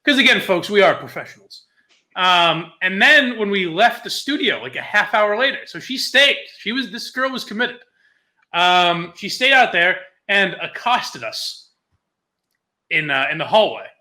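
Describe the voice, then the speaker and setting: Casting note: young male podcast host, high bright voice, loose laughing storyteller. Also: unhurried. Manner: laughs often, swears, animated retelling. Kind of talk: casual storytelling chat.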